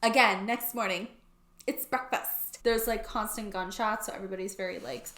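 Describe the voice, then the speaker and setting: A woman's voice: medium pitch, fairly even intonation, moderate pace, a bit bright, echoey room. A young woman recapping a book plot in a casual, sarcastic way, using "like" constantly. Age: young adult. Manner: chatty and sarcastic, heavy use of "like". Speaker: book YouTuber.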